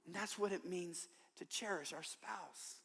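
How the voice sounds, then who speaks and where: Lively older man preaching in a big hall. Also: high voice, unhurried, creaky, breathy edge. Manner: storytelling, animated, acts out quoted voices. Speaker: guest preacher. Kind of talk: sermon. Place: large church worship center.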